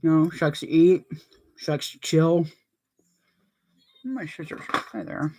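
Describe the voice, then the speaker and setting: A woman's voice: sits low, takes it slowly, darkish tone. A woman vlogger chatting casually and telling anecdotes while talking through her sewing steps.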